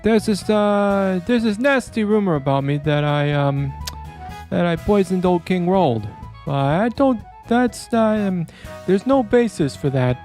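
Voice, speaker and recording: A man's voice: high-pitched, lively intonation, unhurried, darkish tone, faint music behind. A man playing a nervous pizza shop owner on the run in a comedy commercial skit. He rambles and stalls through excuses. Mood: shifty salesman.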